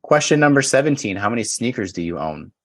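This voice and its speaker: Low-voiced teasing podcast host. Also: male voice, big pitch swings, fast talker. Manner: teasing, playful. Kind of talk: casual chat, quiz questions.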